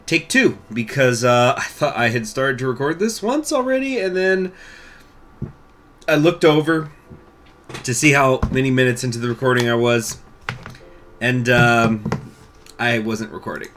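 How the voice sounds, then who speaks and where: A man giving casual let's-play commentary on a strategy game, thinking aloud, with hiccups, coughs and throat clearing. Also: medium pitch, animated, measured pace, long pauses, a bit bright, a little hiss or hum. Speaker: gaming YouTuber.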